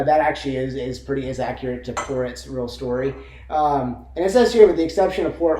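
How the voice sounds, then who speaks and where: A man's voice: a little high, mellow, roomy sound, rough recording. A young man co-hosting a casual movie chat, rambling with lots of fillers and frequent laughter. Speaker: co-host of a movie discussion channel.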